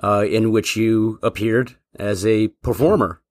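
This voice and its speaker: A man hosting an interview who asks long, halting questions full of fillers. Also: on the low side, fairly even intonation, no echo, studio quality. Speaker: podcast host.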